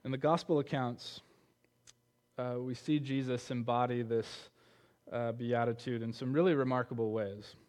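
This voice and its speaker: A man's voice: medium pitch, steady tone, moderate pace, darkish tone. A man preaching a conversational sermon, often repeating words and putting questions to his listeners. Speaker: preacher on a church teaching team.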